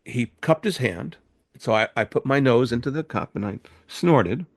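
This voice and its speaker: A man in his seventies, a record producer appearing as an interview guest, telling stories in an animated way, with frequent restarts and repeated words. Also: medium pitch, moderate pace, gravelly, dry recording. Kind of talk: anecdotal interview storytelling.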